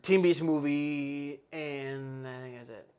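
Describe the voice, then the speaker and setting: A man's voice: a little high, steady tone, slow, a little mellow, smooth. A man in his twenties hosting a podcast, talking in a casual, profane, rambling way. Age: 20s. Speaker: podcast host. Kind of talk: casual chat.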